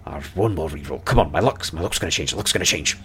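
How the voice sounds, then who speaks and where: A man voicing a gruff, swearing male dwarf who gambles at dice in a fantasy game. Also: extremely low pitch, expressive, fast talker, fairly bright tone. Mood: grumbling. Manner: gruff, cursing, boastful.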